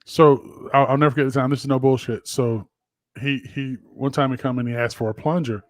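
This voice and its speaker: A middle-aged man co-hosting a podcast from his home office, telling crude stories in an animated, swearing way. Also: medium pitch, brisk, no echo. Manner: profane, animated storyteller. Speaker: podcast co-host. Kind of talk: casual chat.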